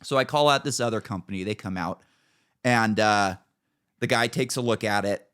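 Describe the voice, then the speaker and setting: A middle-aged man with a hoarse throat, telling a profane story as podcast co-host. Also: lowish voice, moderate pace, a bit bright. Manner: profane storytelling, acts out quotes. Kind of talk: casual chat.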